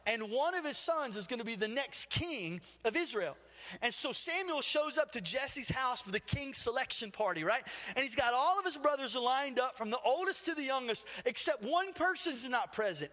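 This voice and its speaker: Male pastor, high tenor, vivid storyteller, church hall reverb. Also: normal speed. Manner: storytelling, animated retelling with acted quotes. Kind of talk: sermon.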